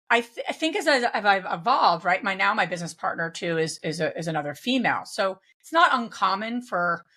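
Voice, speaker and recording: Her voice is fairly low, husky and sharp-toned as this woman, a real estate investor, talks reflectively as an interview guest, full of fillers and restarts.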